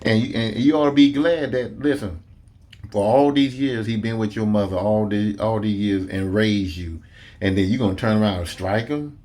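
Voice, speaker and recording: A man's voice: fairly low pitch, normal speed, darkish tone. A man giving blunt, opinionated commentary on a phone, rambling with many fillers and restarts and plenty of profanity. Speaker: video commentator.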